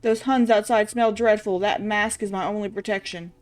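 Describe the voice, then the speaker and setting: A woman's voice: medium pitch, fairly even intonation, normal speed, close to an everyday voice. A woman voicing a blustering, eccentric old army brigadier with a shaky put-on posh British accent while reading game dialogue on stream.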